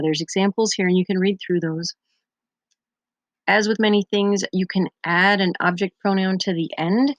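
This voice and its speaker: A woman's voice: medium pitch, steady tone, normal speed, dry recording. A Spanish teacher, a young woman, patiently explaining grammar step by step over her slides in a recorded lesson. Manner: patient, methodical explaining with examples.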